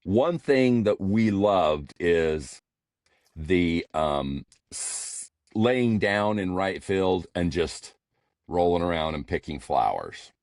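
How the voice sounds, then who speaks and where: A man's voice: low voice, animated, darkish tone, dry recording, studio quality. An older man co-hosting a podcast, joking in playful banter. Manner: jokey, playful banter with quick laughs. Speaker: podcast co-host. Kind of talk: casual comedic chat.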